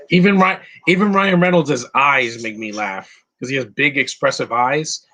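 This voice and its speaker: A man's voice: mid-range voice, normal speed, bright, forceful tone. A man giving casual live commentary on a movie, answering chat questions bluntly with frequent restarts and fillers. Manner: opinionated, blunt, insulting.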